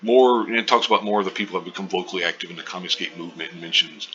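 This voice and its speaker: A man's voice: sits low, fairly even intonation, very fast. A man giving rambling, profane casual commentary, full of fillers and loose asides. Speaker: online commentary host. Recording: dull lo-fi with faint hiss.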